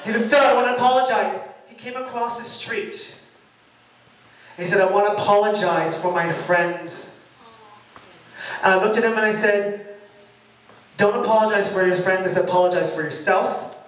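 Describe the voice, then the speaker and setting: Male storyteller at a live party, high voice, dramatic retelling, distant mic in a very echoey room. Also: moderate pace, pauses often. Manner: animated, dramatic retelling with quoted shouts. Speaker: singer telling a story before his song. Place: party loft at a bookshop, live event.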